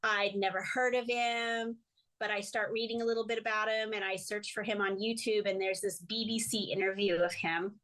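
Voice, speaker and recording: An American woman appearing as a guest artist tells stories in a casual interview, speaking at medium pitch and a moderate pace. She's an animated storyteller who acts out quotes and laughs often.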